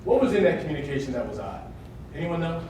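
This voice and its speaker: A man's voice: fairly high pitch, very animated, fast talker, mellow, a little hiss or hum. Emphatic man lecturing in an echoey hall. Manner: emphatic, keeps checking in with "right?". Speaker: workshop speaker on workplace security. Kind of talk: live lecture with audience questions. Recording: echoey hall, mic far off.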